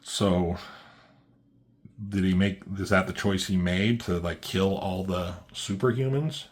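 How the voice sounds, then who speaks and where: A man giving a casual, excited comic book review, swearing freely as he walks through the pages. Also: deep voice, slow pace. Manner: excited, loose, swears often.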